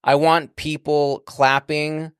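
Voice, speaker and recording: A man chatting casually and emotionally about planning his wedding, expressive and swearing freely. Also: a little high, takes it slowly, clean tone, no room sound, studio quality. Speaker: vlog co-host, groom-to-be. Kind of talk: casual chat.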